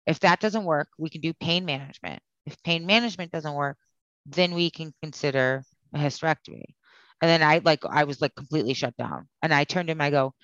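A woman's voice: low-pitched, a little fast, a bit bright, dry recording, muffled recording. A woman guest telling her story in a candid, conversational way. She speaks bluntly, swears freely and acts out the lines of the people in her story.

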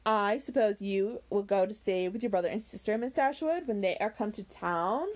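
A woman's voice: medium pitch, normal speed, natural voice. Woman voicing a sly young lady, sweet, pointed, insistent. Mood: insinuating.

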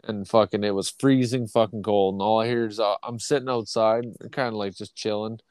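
A man's voice: on the low side, steady tone, fairly quick, a little mellow, smooth, no echo. Profane, rambling Canadian man telling stories. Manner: profane, rambling anecdotes with acted quotes. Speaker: podcast co-host. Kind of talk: casual chat, storytelling.

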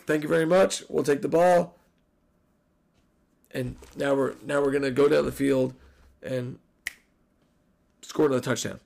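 A man hosting a solo sports podcast, recapping a college football game with animated, profane rants. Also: on the high side, gravelly. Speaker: podcast host.

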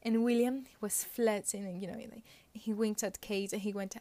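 A woman's voice: a little high, fairly even intonation, moderate pace, hardly any pauses, mellow, dry recording. A woman giving casual, opinionated commentary on royal fashion, chatty with frequent fillers and little laughs.

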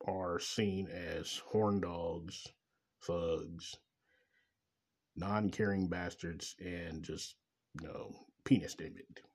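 Middle-aged man, deep low voice, husky grain, bitter rambling monologue, heavy swearing. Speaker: father venting about child support. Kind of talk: personal monologue.

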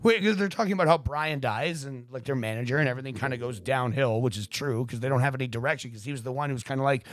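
A man's voice: mid-range voice, fast, hardly any pauses. A man on a casual podcast, rambling and swearing as he acts out quotes in voices. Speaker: podcast co-host.

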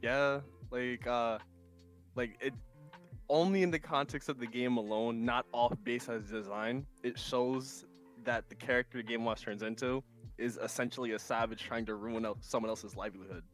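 A man who joins a casual gaming chat as a guest on a call and talks in an easygoing, halting way. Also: mid-range voice, fairly even intonation, faint music behind.

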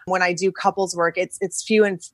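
A woman's voice: fairly low pitch, level tone, a little fast, no room sound. A woman photographer being interviewed on a podcast, bubbly and chatty. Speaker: guest photographer. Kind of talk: casual interview.

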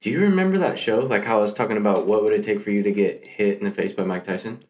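A young man co-hosting a podcast who speaks in a fairly low voice. His chat is laid-back and rambling, full of filler words. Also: fast, darkish tone. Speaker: podcast co-host. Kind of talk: casual chat.

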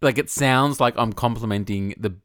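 A man's voice: mid-range voice, moderate pace, fairly bright tone, no echo, studio quality. A man in his thirties with an Australian accent, co-hosting a podcast in a joking, laid-back way. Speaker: podcast co-host. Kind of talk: casual chat.

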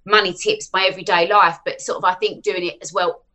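Woman, 40s, interview guest; bright, lively, frank, chatty delivery. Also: lowish voice, fairly quick. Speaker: finance influencer guest. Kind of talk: casual interview chat.

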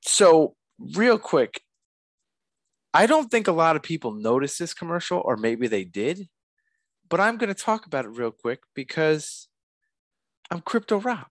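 A man's voice: on the high side, measured pace, no echo, clean studio sound. A man co-hosting a podcast in casual, chatty conversation. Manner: animated, chatty. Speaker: podcast co-host. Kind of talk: casual chat.

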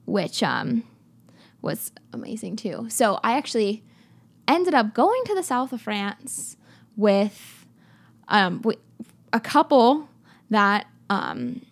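A woman's voice: medium pitch, sing-song, slow, vocal fry, long pauses, slightly rough. A young woman telling travel stories to her viewers in a chatty, filler-heavy way. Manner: chatty, many fillers, addresses viewers directly. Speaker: travel vlogger. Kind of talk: casual travel storytelling.

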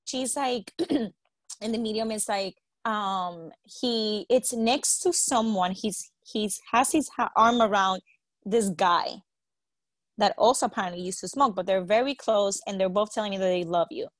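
A woman telling a story in casual chat, animated, quoting others and swearing now and then. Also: mid-range voice, a little slow, dry recording.

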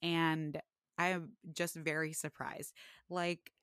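A young woman in her twenties chats through a long anecdote in a slightly low voice, sprinkling "like" everywhere. Her delivery turns animated whenever she quotes someone. The sound is close and dry. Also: slow, clean tone, dry recording. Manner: chatty, full of "like", animated when quoting others. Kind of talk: casual storytelling chat.

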